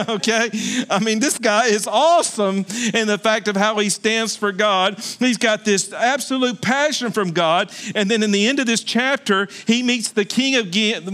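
A man, a pastor, preaching a sermon as lively storytelling with exclamations and asides. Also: high voice. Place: indoors.

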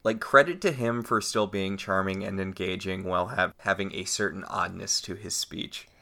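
A man from the United States with a very low yet bright, forward voice, chatting on a podcast. He weighs each point thoughtfully, breaking down scenes and performances as he recaps the episode. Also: moderate pace, creaky. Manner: thoughtful, analytical. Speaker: podcast co-host. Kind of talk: casual chat recapping a TV episode.

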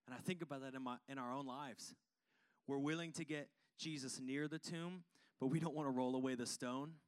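A man preaching a sermon, fervent and chatty, calling out to the congregation and swinging from hushed tones to loud ones. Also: mid-range voice, steady tone, normal speed, clear, resonant tone. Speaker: pastor.

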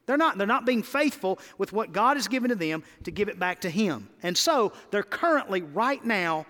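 Pastor, male, high tenor, exhorting his congregation, reverberant church. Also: big pitch swings, moderate pace, a bit bright. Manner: rising to emphatic exhortations. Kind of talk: sermon.

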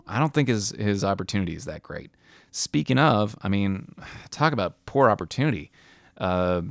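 A man's voice: lowish voice, creaky, dry recording, clean studio sound. A tired young man rambling through casual fantasy football podcast commentary as the league's host, often restarting his sentences. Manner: rambling, self-correcting, yawning and tired.

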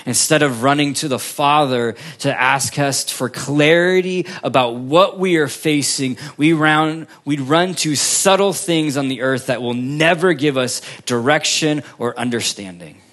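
Man preaching a sermon, dropping to quiet. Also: fairly high pitch. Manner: preaching with strong rises and falls, long pauses, drops to near quiet at line ends; asks the congregation questions and answers them. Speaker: pastor.

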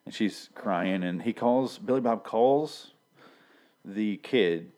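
Speaking slowly in a fairly low, darkish voice, a show reviewer casually recaps a TV episode. He rambles and swears, drops dry jokes, and restarts his sentences often.

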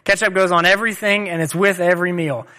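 A man in his thirties preaches a sermon in a high voice. His tone is bright and forceful. He speaks earnestly and conversationally, weaving in personal stories. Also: fairly even intonation, fast. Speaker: pastor.

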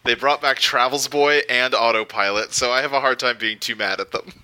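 Very bright-voiced wry podcast co-host. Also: medium pitch, fairly even intonation, brisk, poor audio. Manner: wry, incredulous, jokes about plot holes. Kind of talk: casual chat recapping a cartoon.

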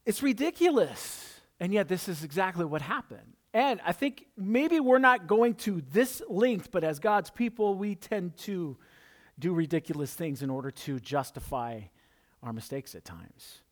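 A man preaching a conversational sermon, telling the story in an animated way with wry asides. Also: sits high, measured pace. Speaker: pastor.

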